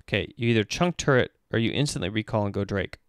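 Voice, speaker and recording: Smooth-voiced man breaking down game replays. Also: lowish voice, fast talker, no room sound, studio quality. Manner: analytical, animated, breaks down plays step by step. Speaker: esports performance coach. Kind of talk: casual game-replay commentary on a stream.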